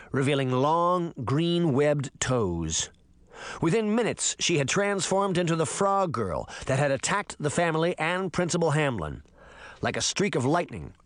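A man narrating a fantasy audiobook in a dramatic, expressive reading style. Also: a little high, no echo. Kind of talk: scripted narration.

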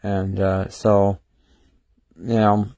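A weary man speaks into his phone on a casual livestream. His voice sits low and barely rises or falls. He talks haltingly, with many fillers and restarts, in a close, dry sound. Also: completely flat delivery, mellow, no echo. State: tired, short on sleep. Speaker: livestream host.

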